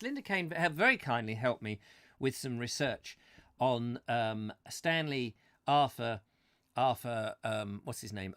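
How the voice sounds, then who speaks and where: A man hosting a comic chat show, rambling and ranting excitably while reading out viewer comments. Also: mid-range voice, normal speed, dry recording, clean studio sound.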